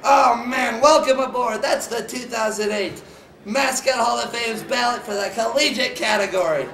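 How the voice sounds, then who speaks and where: A man hosting a comic mascot award announcement, hammy and excitable, shouting and whooping between jokey asides. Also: extremely high pitch, normal speed, vocal fry, echoey room, recorded from a distance, slight background noise. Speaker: mascot show host.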